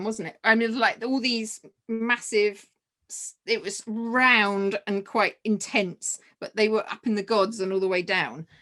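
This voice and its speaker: A woman, a podcast guest telling a personal story in an animated way, laughing often and restarting her sentences. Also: mid-range voice.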